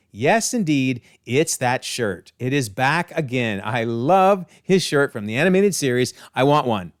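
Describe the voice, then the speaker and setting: A man hosting a comic breakdown with enthusiastic, excitable commentary. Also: a little high, no echo, clean studio sound. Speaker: channel host.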